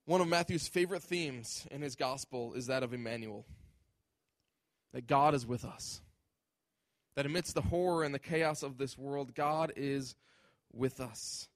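A man's voice: medium pitch, measured pace, long pauses, dry recording. A male pastor preaching a sermon with emphasis, often acting out imagined voices.

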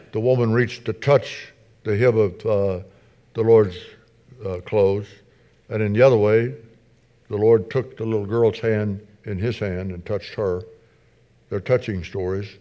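A middle-aged man preaching a sermon as pastor, earnest, repeating his phrases and building in intensity, softer when he prays. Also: lowish voice, highs cut off. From United States. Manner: soft, subdued when praying.

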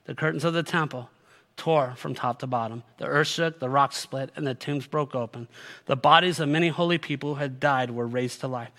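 A pastor with a mid-range voice preaches a sermon, reading scripture aloud. He swings from loud, rising exhortation down to a hushed, slow close.

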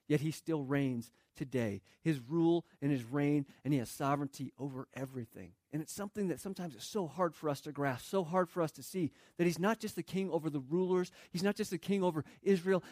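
A man delivers a sermon in a fairly high voice, recorded close and dry with no room sound. He speaks earnestly, quotes scripture and works the message up with rising intensity. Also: a little mellow, dry recording. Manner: earnest preaching, quoting scripture, building in intensity. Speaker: pastor.

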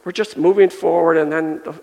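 Earnest male preacher, high-pitched, recorded with a long hall echo. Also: steady tone, fairly quick, creaky. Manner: earnest, builds up and softens by turns. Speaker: pastor. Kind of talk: sermon with personal storytelling. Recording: long reverb of a large hall.

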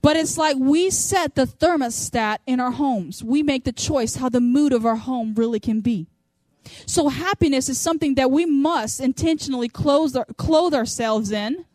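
A woman's voice: high voice, moderate pace, a little mellow, no room sound. Chatty storytelling woman preacher. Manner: chatty, storytelling, acts out quotes. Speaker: women's ministry speaker. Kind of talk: sermon.

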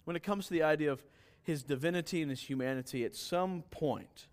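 A man's voice: fairly quick, few pauses. A man preaching a sermon in a conversational way, telling stories and acting out their characters. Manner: conversational preaching with anecdotes and restarts; acts out story characters with sudden higher pitch. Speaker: pastor.

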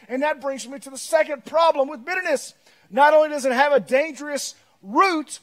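High-voiced preaching man. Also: moderate pace. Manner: swings from loud emphatic preaching to quiet reflective storytelling. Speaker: pastor. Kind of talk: sermon.

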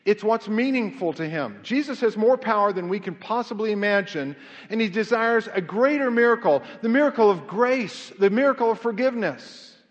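A man's voice: high voice, animated, moderate pace, big-room sound, lo-fi sound. A pastor delivering a conversational sermon, asking the congregation rhetorical questions and often restarting his sentences.

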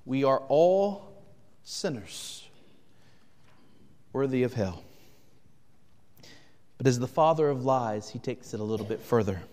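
A man preaching a sermon, earnest, swinging between loud urgent passages and hushed ones. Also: mid-range voice, animated, takes it slowly, pauses often, big-room sound. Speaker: pastor.

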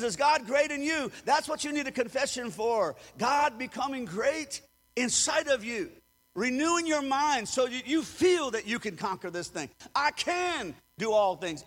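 A man's voice: extremely high pitch, a bit bright. A man preaching a sermon as pastor, speaking emphatically and leading the congregation in repeated declarations. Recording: long hall reverb.

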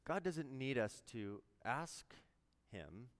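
A man's voice: mid-range voice, big pitch swings, slow, big-room sound. A man preaching a sermon in a conversational way, asking the congregation questions and answering them himself. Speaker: pastor.

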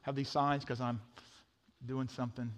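A middle-aged man preaching a sermon, telling a funny story with animated swings from loud to hushed. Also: mid-range voice, normal speed. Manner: animated storytelling, sudden drops to a hush. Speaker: pastor.

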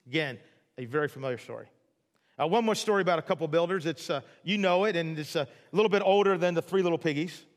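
A man's voice: a little high, fast, long reverb tail. A male pastor preaching a sermon in a chatty, jokey storytelling way, full of asides to the audience.

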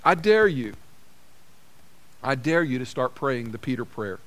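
A man's voice: mid-range voice, sing-song, measured pace, a bit bright. A man preaching a sermon as a pastor, in a conversational way, repeating phrases for emphasis. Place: church.

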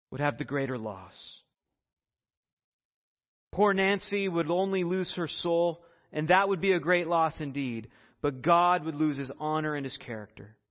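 Old Scottish woman, bedridden, fervent and steadfast; male preacher doing the voice, dull recording with hall echo. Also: a little high.

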